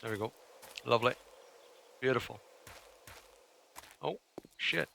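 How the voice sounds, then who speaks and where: A man's voice: medium pitch, slow, gravelly, pushed and bright, slight background noise. A young man streaming a survival game live, chatting casually, swearing now and then, grumbling at the game and answering his chat. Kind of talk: live gameplay commentary.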